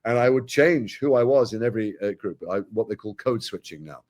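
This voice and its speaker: A man's voice: on the low side, brisk, darkish tone. A middle-aged British man with an English accent, a guest actor speaking frankly in a live interview with wry asides. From Britain.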